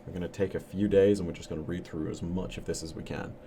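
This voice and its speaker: Deep mellow guy on a podcast, reflective, lots of "you know", dark warm tone. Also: steady tone, a little hiss or hum. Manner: reflective, many fillers, measured storytelling. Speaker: guest lore storyteller. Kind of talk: casual podcast interview.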